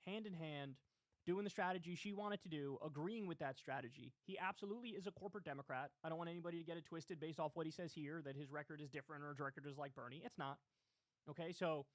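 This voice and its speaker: Man, higher pitch, emphatic political commentary, direct to camera, dry. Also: a bit bright, dry recording. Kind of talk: online political commentary video.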